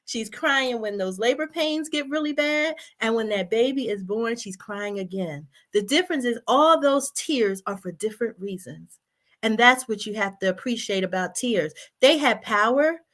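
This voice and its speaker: A woman's voice: fairly high pitch, animated, moderate pace. A woman giving a motivational talk to mothers, coaching listeners through a breathing exercise. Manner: warm, coaching, guides breathing. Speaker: speaker.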